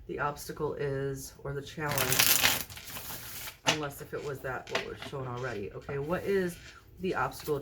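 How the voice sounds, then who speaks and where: Chatty woman with a low voice reading tarot. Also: very noisy. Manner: chatty, keeps checking in with the viewer. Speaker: tarot card reader. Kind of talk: casual tarot reading to camera. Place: indoors at a table, at home. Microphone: phone camera mounted high overhead.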